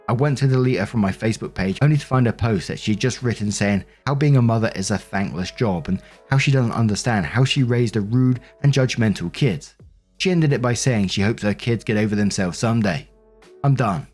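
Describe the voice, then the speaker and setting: A man narrating online forum stories in a steady, even reading voice. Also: fairly low pitch, brisk, soft background music. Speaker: story narrator.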